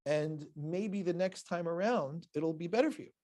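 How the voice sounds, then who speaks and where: A man's voice: a little high, normal speed, warm tone, close to an everyday voice. A man voicing God speaking kindly and patiently to a struggling man, close to his own voice.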